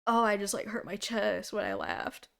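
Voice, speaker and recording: A young woman in her twenties streaming a casual reaction, talking in an animated and sarcastic way and laughing often. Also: medium pitch, moderate pace, gravelly.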